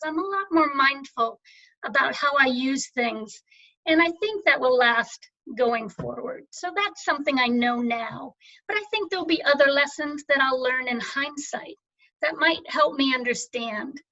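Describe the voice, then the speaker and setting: An older woman giving a reflective camp vespers talk, telling a story gently and conversationally with many fillers. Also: high voice. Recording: dull lo-fi recording.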